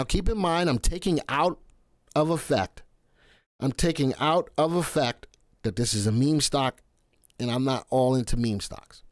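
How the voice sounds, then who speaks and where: A man's voice: mid-range voice, no room sound. Male live-stream stock host, joking and easygoing, dry sound. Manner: chatty and playful, talks to viewers by name.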